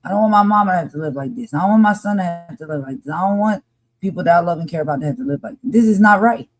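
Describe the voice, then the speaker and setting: A woman's voice: medium pitch, expressive, very fast. A woman co-hosting a live podcast discussion, talking passionately and emphatically and repeating her points for force.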